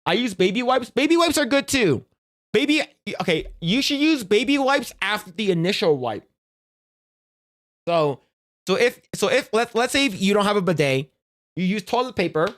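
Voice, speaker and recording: A man live-streaming in casual chat, crude and profane, rambling with restarts in a jokey instructional tone. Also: high voice.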